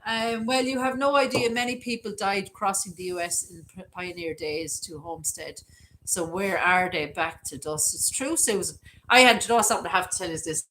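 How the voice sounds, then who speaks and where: A woman's voice: fairly low pitch, a little fast, sharp tone, slight background noise, rough recording. A middle-aged Irish woman hosting a live stream, chatting casually and reading viewer comments aloud. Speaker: livestream host.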